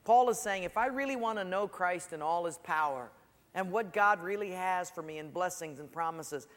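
A man's voice: high voice, normal speed, a bit bright. A man preaching a sermon as a pastor, in a conversational, storytelling way with asides to the congregation. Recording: echoey church hall.

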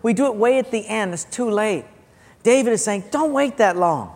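A male pastor delivers a sermon, his voice sitting unusually high. He tells his stories with lively, acted-out voices and sudden loud bursts. The sound rings with the long reverb of a big sanctuary. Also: moderate pace. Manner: animated storytelling, acts out characters with loud outbursts.

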